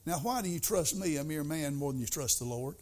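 A middle-aged man preaching a sermon, folksy and storytelling, swinging between soft asides and loud bursts. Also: on the high side, lively intonation, fairly quick.

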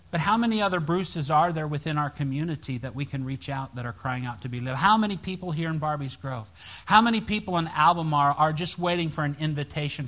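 A male pastor preaching a sermon in a church, telling a story with animated, emphatic rises in his voice. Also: on the high side.

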